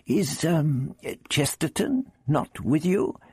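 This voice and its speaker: A kindly, eccentric old gentleman talks in a raised, breathy voice, as a man reads him in a storybook. His speech is fussy and old-fashioned, lilting up and down, and the sound is close and dry. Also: high-pitched, big pitch swings, takes it slowly, no echo, pitched above the performer's own voice, full character voice. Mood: inquiring.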